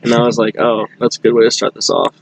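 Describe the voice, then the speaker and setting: A man's voice: mid-range voice, steady tone, fast, vocal fry, slight background noise, low-quality recording. A young man from telling a rambling bar story in casual chat, full of fillers and restarts. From Boston area. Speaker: guest.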